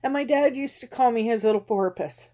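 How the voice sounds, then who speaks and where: A woman in her fifties talking to her viewers in a personal confessional vlog. She speaks haltingly, with many pauses, and sounds close to tears at times. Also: on the high side, mellow. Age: 50s. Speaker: vlogger.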